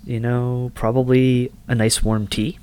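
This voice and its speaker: A man's voice: medium pitch, level tone, unhurried, mellow, a little hiss or hum. A man playing a tabletop role-playing game, thinking aloud about his character's choices with many fillers. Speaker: player. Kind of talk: casual tabletop game chat.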